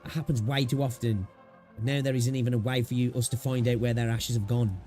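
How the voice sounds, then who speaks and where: A man's voice: mid-range voice, fairly even intonation, a little fast, dark tone, soft background music, natural voice. A man voicing a grim, vengeful young infected woman investigator, speaking coldly and accusingly. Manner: cold and accusing.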